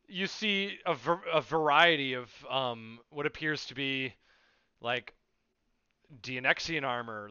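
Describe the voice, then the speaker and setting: A male game master narrates a tabletop scene at an unhurried pace, with plenty of fillers. His voice is bright and crisp, and the recording is dry and slightly dull. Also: fairly high pitch, no room sound.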